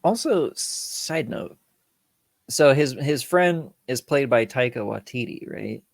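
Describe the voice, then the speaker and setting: A man co-hosting a casual podcast about a film he rewatched. He talks it over in an animated way, acts out scenes and cracks jokes, often laughing. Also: medium pitch, slow, creaky, no echo, clean studio sound. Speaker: podcast co-host. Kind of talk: casual film-review chat.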